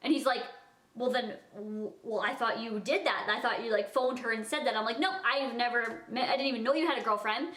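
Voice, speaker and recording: Young woman vlogger, fairly high voice, chatty storytime delivery, roomy echo. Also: a little fast, fairly bright tone. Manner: chatty, heavy use of "like", acts out dialogue. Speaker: vlogger telling a personal story. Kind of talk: casual storytime chat. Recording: echoey room.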